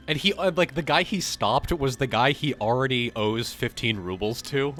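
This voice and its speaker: A man co-hosting a casual livestream chat, talking in an excitable, rambling way and laughing often. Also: mid-range voice, normal speed, soft background music. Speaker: co-host.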